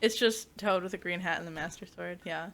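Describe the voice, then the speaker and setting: A woman's voice: on the low side, a little fast, creaky, a bit bright. A young woman streaming a game as a VTuber, chatting casually, reading chat aloud and laughing often.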